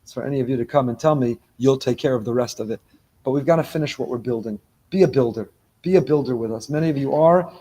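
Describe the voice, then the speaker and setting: A man's voice: medium pitch, fast, dark tone, husky. A man giving a sermon as a rabbi to a congregation in a synagogue, speaking emphatically, repeating key phrases and weaving in Hebrew terms. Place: synagogue before a live congregation.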